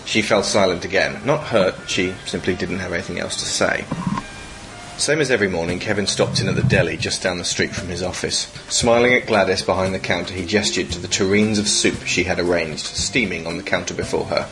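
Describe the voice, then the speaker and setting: A man reading his own comic short story aloud in a dry, deadpan way on a podcast. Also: deep voice, a little fast, music in the background, low-quality recording.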